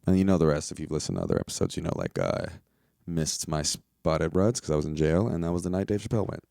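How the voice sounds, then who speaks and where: A young American man hosts his own podcast and rants in a loose, swearing, rambling way. His voice sits very low with a gravelly, fry-heavy edge. The recording is dry and close, with almost no room sound. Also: animated, quick pace, dark tone, no echo. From United States. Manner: profane, rambling, exasperated. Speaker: podcast host. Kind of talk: casual solo podcast rant.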